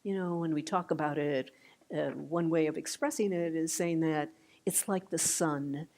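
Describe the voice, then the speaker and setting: An older woman giving a meditation talk, gentle and unhurried, with soft trailing phrases and restarts. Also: low voice. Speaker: meditation teacher. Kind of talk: dharma talk. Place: meditation hall.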